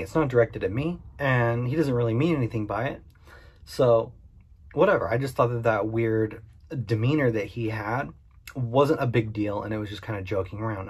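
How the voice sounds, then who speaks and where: Speaking to the camera, the owner of a cleaning business shares a story from his old job in a loose, candid way, full of fillers. His voice is medium-pitched with a breathy edge.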